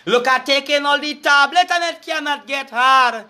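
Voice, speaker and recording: A man's voice: very high voice, normal speed, few pauses, bright, forceful tone. A man with a Trinidadian accent giving a crude, preachy rant, breaking into sing-song chants. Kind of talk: profane rant to camera.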